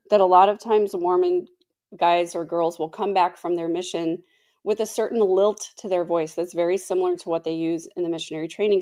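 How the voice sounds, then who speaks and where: A woman with a lowish, mellow voice chats her way through a true crime livestream. She is reflective and unhurried, full of "um" and "you know," and answers viewers as she goes. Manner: chatty, reflective, many fillers. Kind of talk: casual livestream commentary.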